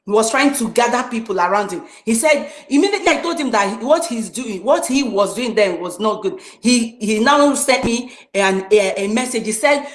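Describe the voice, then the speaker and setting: A woman's voice: fairly high pitch, lively intonation, moderate pace, few pauses. A woman in a heated political rant, scornful and mocking. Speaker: online group speaker. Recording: roomy echoey online audio.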